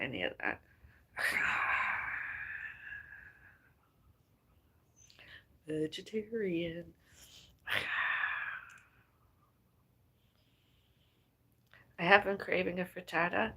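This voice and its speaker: Woman, livestream chat, gravelly, bright tone, rambling, thinking aloud. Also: fairly low pitch, extremely slow, pauses often. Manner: rambling, musing aloud, trailing off.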